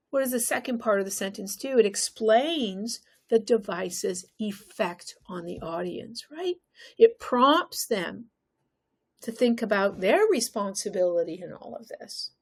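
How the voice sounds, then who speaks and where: A woman's voice: medium pitch, gravelly. Woman tutor walking thru exam essays, emphatic, keeps asking the viewer stuff. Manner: emphatic, lively teaching with questions to the viewer. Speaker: teacher. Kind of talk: exam-prep lesson.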